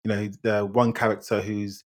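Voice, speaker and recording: Man, podcast co-host, lowish voice, measured, agreeable, casual film talk. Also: level tone. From England. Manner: measured, agreeable, short murmured replies. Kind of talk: casual film review chat.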